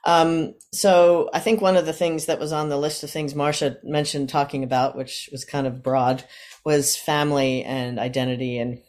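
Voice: mid-range voice, level tone, normal speed, darkish tone. A person in their fifties sharing personal experiences in a casual, hesitant way, with many fillers and restarts. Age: 50s.

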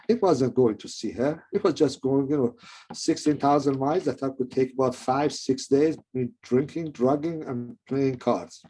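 Man, middle-aged, non-native accent, husky dark voice, halting testimony, frequent restarts. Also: medium pitch. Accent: non-native English. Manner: rambling, halting with many restarts. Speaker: person telling his recovery story. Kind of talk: personal testimony.

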